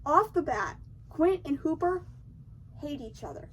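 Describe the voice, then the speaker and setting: High-voiced young woman recapping casually. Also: very animated, a little slow, fairly bright tone, distant mic, a little hiss or hum. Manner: chatty and slangy, acts out characters' lines. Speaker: video essayist.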